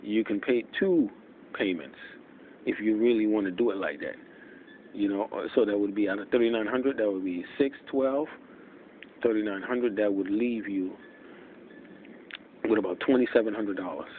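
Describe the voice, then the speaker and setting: A man speaks in a hushed, muted voice that sits on the low side. He rambles through a monologue, thinking aloud and filling pauses with fillers. The audio is tinny and phone-like, with a faint hiss underneath. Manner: deliberately muted, hushed delivery.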